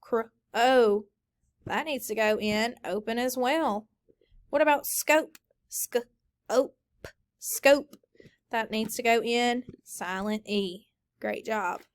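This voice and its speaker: A woman teaching a recorded phonics lesson, sounding out each syllable clearly and slowly for students. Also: a little high.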